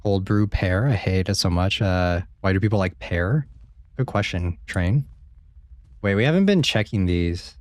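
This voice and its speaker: In relaxed commentary over a horror game, a streamer jokes around with his audience and swears without restraint. He speaks unhurriedly in a low, slightly mellow voice, with no room sound.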